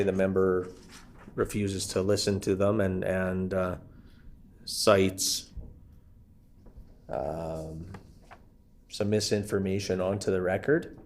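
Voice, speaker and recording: In a parliamentary committee debate, an education minister with a Canadian accent answers questions, frequently turning to the chair with combative sarcasm. His voice sits fairly low and sounds dark, picked up on a legislative room feed carrying a little background noise.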